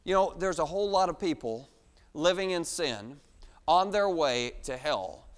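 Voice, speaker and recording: A man preaching a sermon in a church, emphatic, asking rhetorical questions and swinging between loud and hushed. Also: on the high side, expressive, unhurried. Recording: long hall reverb.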